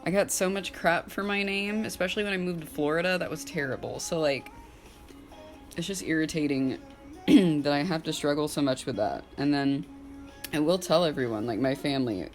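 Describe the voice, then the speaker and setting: A woman's voice: low voice, moderate pace. Woman, 20s, casual personal vlog, candid and filler-heavy, faint music behind. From Southern United States. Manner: openly emotional at times. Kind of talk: personal vlog, talking to camera.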